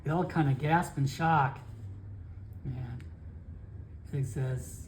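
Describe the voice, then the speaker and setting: Solo tabletop game narrator, casual, rambling, self-correcting, middle pitch. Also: slow, pauses often, a little hiss or hum.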